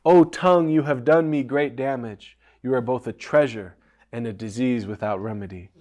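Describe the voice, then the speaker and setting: A man's voice: mid-range voice, steady tone, moderate pace, darkish tone, lightly acted. A man voicing a grieving merchant who laments his lost bird in a mournful, pleading recitation.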